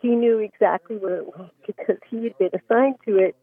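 A woman's voice: mid-range voice, fairly quick, husky, no echo. A woman calling in to a radio talk show, telling an earnest, emotional story. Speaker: caller. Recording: tinny phone line, dry.

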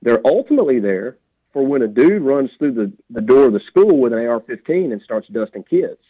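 A man's voice: medium pitch, sing-song, a little fast, no echo. A blunt, plain-spoken man with a drawl, speaking as a radio guest. His voice comes through a thin, tinny phone line. The sound is bone dry, with no room around it. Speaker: sheriff candidate, radio guest.

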